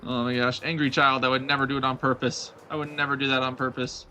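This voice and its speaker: A man's voice: mid-range voice, level tone, fast talker, bright, forceful tone, soft background music. A young man streaming live gameplay, chatting playfully with his viewers and mocking his own blunders. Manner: playful, self-mocking, talks to chat.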